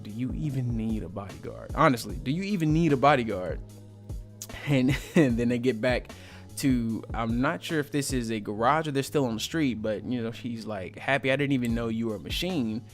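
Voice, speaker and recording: Man, mid-pitched voice, laid-back manga recap, slangy and joking, soft music behind. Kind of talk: casual chapter recap.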